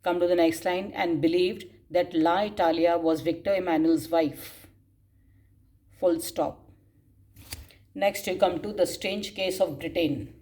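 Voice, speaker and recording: Woman teacher reading notes aloud for students to copy, very slow, repeats phrases, coughs often. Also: lowish voice, fairly even intonation, a little mellow. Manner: slow dictation, spelling out words and repeating phrases; frequent coughs and throat clearing. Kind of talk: dictating class notes.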